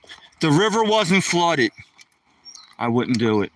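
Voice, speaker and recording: A man's voice: a little high, big pitch swings, takes it slowly, a bit bright, dry recording, far from the mic. A man chatting casually while walking his dog outdoors, rambling and joking to the dog and the camera. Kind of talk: casual vlog chat.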